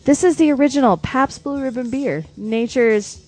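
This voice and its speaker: A woman's voice: high-pitched, moderate pace, a little mellow, faint music behind. Giggly, playful woman podcast co-host. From Wisconsin. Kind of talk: casual podcast chat.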